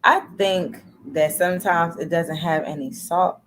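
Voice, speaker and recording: A woman participant in a casual online group chat, curious and relaxed, asking questions. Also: fairly low pitch, a little slow, a little hiss or hum. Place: video call.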